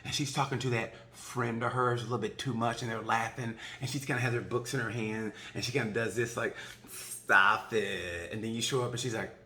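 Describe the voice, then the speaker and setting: Guy doing a chatty rambling race review, jokes around, does quick little voices, medium pitch. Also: fairly even intonation, a bit bright. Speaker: motorcycle racing video reviewer. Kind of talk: casual animated recap.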